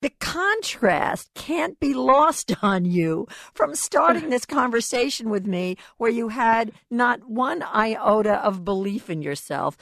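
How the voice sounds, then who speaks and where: A woman's voice: a little high, big pitch swings, slow pace, gravelly, few pauses, fairly bright tone, no echo, studio quality. A woman interviewer asking engaged, encouraging questions in a conversational interview.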